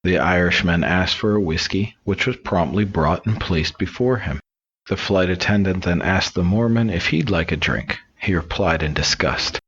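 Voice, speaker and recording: Low-voiced guy telling jokes, kinda rambly, muffled lo-fi mic. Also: moderate pace, husky. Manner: relaxed, rambling storytelling with fillers. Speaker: joke teller.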